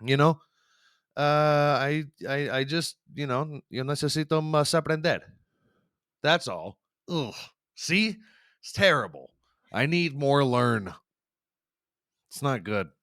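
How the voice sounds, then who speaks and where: A man's voice: medium pitch, lively intonation, slow pace, pauses often, fairly bright tone, no room sound, clean studio sound. A man hosting a podcast, delivering a rambling, profane, sarcastic comedic rant. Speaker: podcast host. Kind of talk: comedic ranting monologue.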